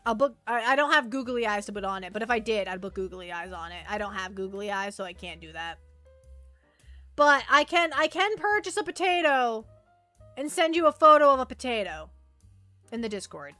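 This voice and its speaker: A woman's voice: a little high, sing-song, brisk, pushed and bright, no room sound, soft background music. A woman streaming as a VTuber, chatting casually with her viewers and reading the chat aloud, often trailing off and restarting.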